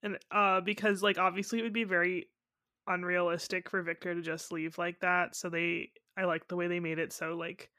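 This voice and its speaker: A woman's voice: fairly low pitch, little pitch movement, moderate pace, pushed and bright, dry recording, clean studio sound. A woman co-host in casual chat, enthusiastically sharing opinions and laughing. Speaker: podcast co-host.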